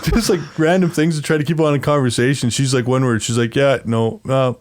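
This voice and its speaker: A man's voice: mid-range voice, fairly even intonation, brisk, a little mellow. A man casually telling a long story as an interview guest, rambling and acting out what others said, laughing often. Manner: rambling, acts out quoted voices, laughs often.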